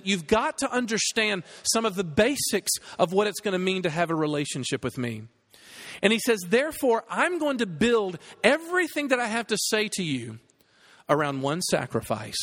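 A man's voice: sits high, fairly bright tone, long reverb tail. A man preaching a sermon, reading scripture and then teaching with earnest emphasis and rhetorical questions. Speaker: pastor.

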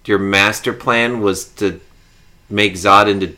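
Young male co-host, lowish voice, casual film chat, dry quips. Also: steady tone, takes it slowly, bright, forceful tone. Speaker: podcast co-host.

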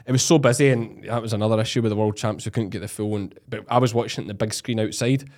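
A man with a Scottish accent, hosting a casual interview and telling animated stories full of fillers. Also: fairly low pitch. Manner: fast, animated storytelling with many fillers. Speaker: podcast host.

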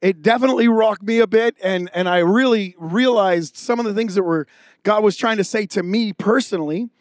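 High-voiced male pastor preaching. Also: a little fast, no room sound, clean studio sound. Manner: casual storytelling, humorous. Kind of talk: sermon.

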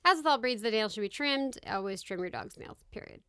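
A woman co-hosts a casual podcast, reading facts aloud and breaking off into chatty asides. Her voice is bright and sits a little high. The sound is close and dry. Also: lively intonation, brisk, clean tone, no room sound. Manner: chatty, reads notes aloud with asides and laughs. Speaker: podcast co-host. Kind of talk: casual chat.

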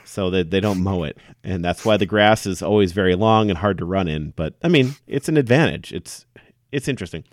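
A low-pitched man talking football in a relaxed co-host chat. He is opinionated, laughs easily and restarts sentences. The sound is dry and close. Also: a little fast, dry recording. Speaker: podcast co-host. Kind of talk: casual sports chat.

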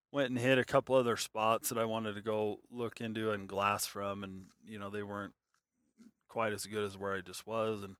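Guy with a lowish voice telling a hunting story, rambly, lots of you-knows, dry close sound. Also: fairly bright tone, no room sound. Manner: rambling, many fillers and restarts. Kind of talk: casual storytelling monologue.

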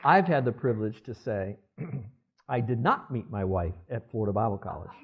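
A man in his sixties preaching a sermon to a congregation, emphatic, with sudden loud bursts and asides to the listeners. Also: fairly low pitch, animated, normal speed, highs cut off. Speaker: pastor.

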